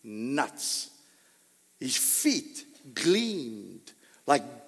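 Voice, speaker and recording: Man preaching, slow and deliberate, lively swooping pitch, long hall reverb. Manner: animated preaching with rhetorical questions and sudden loud peaks. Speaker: pastor. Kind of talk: sermon.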